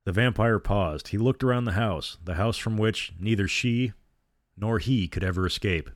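A male storyteller reading a horror novel aloud in a measured, steady way. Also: on the low side, no room sound, clean studio sound.

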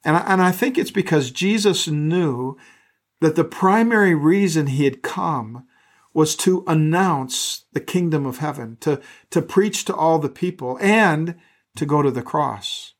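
A man's voice: a little high, expressive, measured pace. A man preaching a sermon as a pastor, earnest and conversational in tone.

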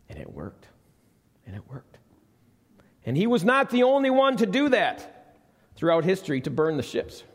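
A man's voice: high voice, wildly swooping pitch, moderate pace, long pauses. A middle-aged man preaching a conversational sermon in church, asking the congregation questions. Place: church sanctuary. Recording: live church recording with long reverb.

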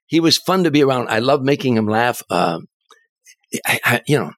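An older man, a comedian and author, telling animated anecdotes as an interview guest, often restarting his words. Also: mid-range voice, moderate pace, dry recording. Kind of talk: storytelling in an interview.

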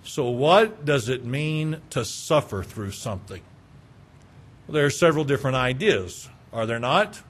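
A man preaching a sermon, earnest and pleading, asking his congregation questions and slowing down for emphasis. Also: mid-range voice, expressive. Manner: talks directly to congregation with rhetorical questions. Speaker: pastor.

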